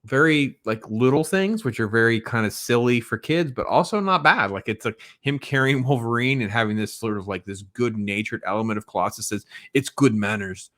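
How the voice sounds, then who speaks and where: A man casually reviewing an animated episode, enthusiastic and rambling, with many fillers and restarts. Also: mid-range voice, a little fast, few pauses, dry recording, clean studio sound. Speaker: show reviewer.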